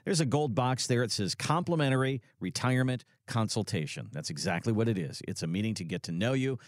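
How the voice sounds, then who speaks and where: A man co-hosting a radio finance show, giving the station's contact details in an even announcer manner. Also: medium pitch, fairly quick, no room sound. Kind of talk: radio host read with promo. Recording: dry studio mic with faint music.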